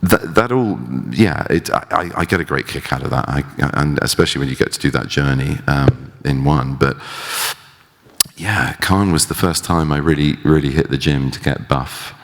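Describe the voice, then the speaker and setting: A man in his forties, an actor guest on stage, telling career stories in an animated way and acting out the voices of people he quotes. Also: rumbling low, normal speed, big-room sound. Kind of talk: onstage career conversation.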